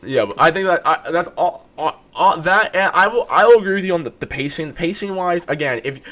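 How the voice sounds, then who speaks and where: A man hosting a casual movie review chat, animated and insistent, often repeating himself. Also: on the high side, a little fast. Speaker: movie review podcast host.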